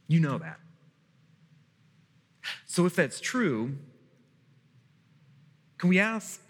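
A man preaching a sermon as pastor, emphatic, with dramatic pauses and repetition. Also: mid-range voice, fairly bright tone, in a large hall.

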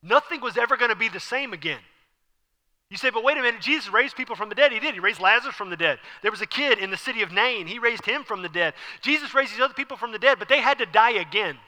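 Brief: animated male pastor, high, very bright and forceful voice, echoey hall. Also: fast. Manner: animated, conversational preaching with asides and laughs. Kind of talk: sermon.

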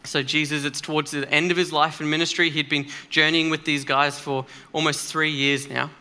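A man's voice: a little high, level tone, moderate pace, bright, forceful tone, clear, resonant tone. A man preaching a sermon in a church, earnest and emphatic, speaking conversationally with occasional fillers.

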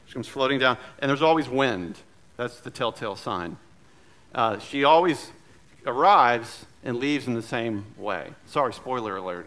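Man, pastor, sermon, middle pitch, chatty storytelling, asks the congregation questions, church sanctuary. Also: a bit bright.

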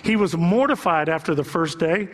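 A male pastor with a high voice delivers a sermon in animated storytelling fashion, building to impassioned shouts. His voice rings out with a long reverb, as in a large hall. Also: moderate pace.

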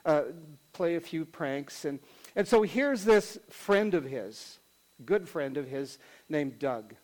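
A man preaching, telling a story in a conversational, animated way. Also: sits high, poor audio. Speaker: pastor. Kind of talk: sermon storytelling.

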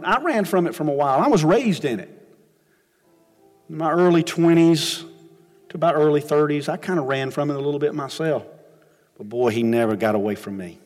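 A man preaching an earnest sermon as pastor, rising to emphatic questions and dropping low, ending with an altar call. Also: darkish tone. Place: church sanctuary. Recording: long hall reverb. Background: music.

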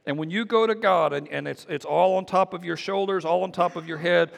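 A man, a pastor, preaching a sermon in a relaxed conversational way, often restarting and repeating his words. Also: sits high, brisk, creaky, big-room sound. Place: church sanctuary.

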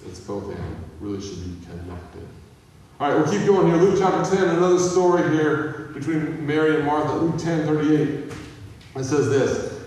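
A pastor giving a conversational sermon, mixing humor and acted-out quotes. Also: male voice, fairly high pitch, lively intonation, normal speed, a little mellow. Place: church sanctuary. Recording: echoey hall, voice from a distance.

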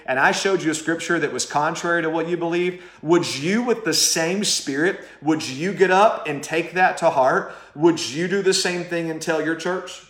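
A man's voice: fairly high pitch, fairly bright tone, roomy sound. A man preaching a sermon as pastor, conversational and emphatic, putting direct questions to his listeners.

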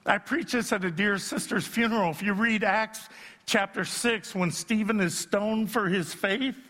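A middle-aged man preaching a sermon as pastor, joking about himself and rising to shouts at the high points. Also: unhurried. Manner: self-deprecating, swells to shouting at peaks. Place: church sanctuary. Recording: long reverb in a church hall.

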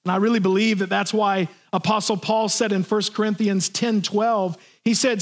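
Pastor, male, high voice, earnest sermon delivery. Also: steady tone, moderate pace, hardly any pauses. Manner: earnest preaching, acts out imagined voices.

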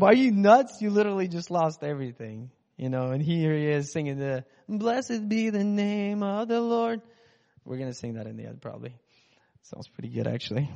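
A man preaching a casual, joking sermon as a pastor, talking in a loose conversational way. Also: fairly high pitch. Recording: muffled in a reverberant hall.

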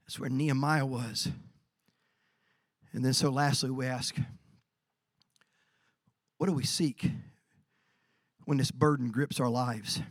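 A man preaching a sermon as pastor, animated, acting out quoted voices and swinging from quiet lines to shouts. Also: medium pitch, slow pace, long pauses, no room sound, studio quality. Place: church.

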